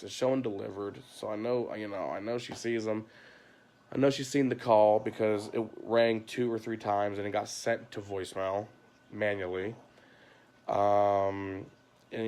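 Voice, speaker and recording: A man talks into his phone late at night at home, venting in a long, rambling livestream. His voice sits a little low with a gravelly rasp. He circles back on himself with constant "you know" and "like", frustrated and weary. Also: darkish tone. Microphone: phone camera.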